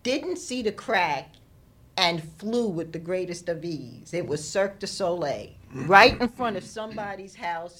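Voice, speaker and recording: A woman's voice: on the low side, lively intonation, a little slow, a bit bright. A woman, a radio guest, giving an inspirational faith talk with preacherly rises and falls. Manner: preacherly, rising and falling with emphasis.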